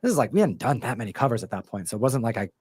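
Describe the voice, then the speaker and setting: A man's voice: mid-range voice, very animated, rapid-fire, a little mellow, husky, no room sound, studio quality. A man chatting casually about his comic book work, rambling with lots of fillers and restarts. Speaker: comic book co-writer and show host. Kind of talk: casual interview chat.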